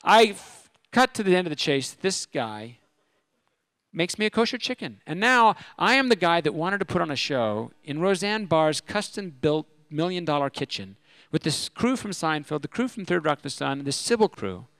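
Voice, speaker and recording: A middle-aged man telling a personal story at a convention, animated and self-deprecating. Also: a little high, moderate pace, dry recording. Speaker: speaker at a religious convention.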